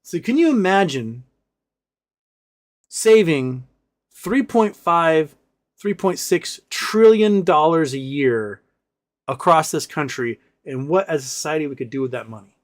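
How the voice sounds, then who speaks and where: An American man hosts a casual livestream, somewhat higher in pitch than most men. He rants with a sarcastic edge and reads viewers' questions aloud before answering them off the cuff. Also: lively intonation, measured pace. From United States. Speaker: livestream host.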